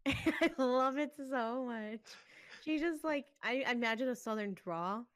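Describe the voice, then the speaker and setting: A woman's voice: a little high, a little slow, no room sound, clean studio sound. A woman co-hosting a casual podcast, gushing and laughing about characters she loves. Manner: giggly, gushing. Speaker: podcast co-host. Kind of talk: casual chat.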